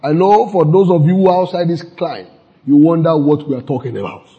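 A man's voice: on the high side, moderate pace, lo-fi sound. An older man with a Nigerian accent preaching a sermon to his church, emphatic, repeating key phrases and laughing at his own jokes. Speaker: pastor. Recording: reverberant church hall.

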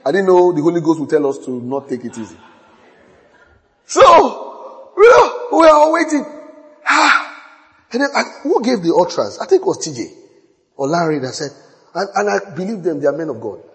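Pastor, middle-aged man, high tenor, sermon storytelling: repetitive, shouts then hushes, long hall reverb. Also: sing-song, quick pace.

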